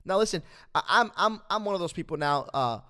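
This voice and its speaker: A man hosting a podcast, telling a Bible story as a motivational talk, with lots of fillers and animated asides. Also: sits high, a little fast. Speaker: podcast host. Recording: long echoing reverb.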